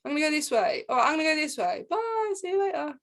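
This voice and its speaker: A woman's voice: high voice, fast talker, pitched above the performer's own voice, full character voice. A woman playing a giddy newborn creator spirit. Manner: excited, chattering to itself, swinging between moods.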